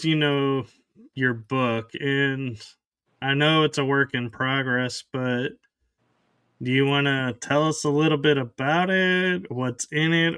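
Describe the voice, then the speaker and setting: A male podcast host puts a question to his guest in an unhurried, easygoing way. His voice is smooth and clear, at a middle pitch, and it sounds dry and close. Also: fairly bright tone, no room sound. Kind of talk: interview question.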